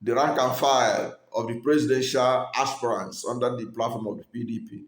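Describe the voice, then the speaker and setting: A man from Nigeria giving earnest, argumentative political commentary, pausing with fillers and restarting his sentences. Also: mid-range voice, steady tone, roomy sound.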